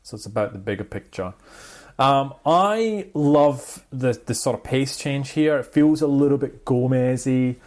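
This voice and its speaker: A man hosting a laid-back music podcast, with a voice of middle pitch. He tells stories with animation and slips into acted-out quotes. He talks easily and casually. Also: unhurried. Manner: animated storyteller, acts out quotes. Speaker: podcast host.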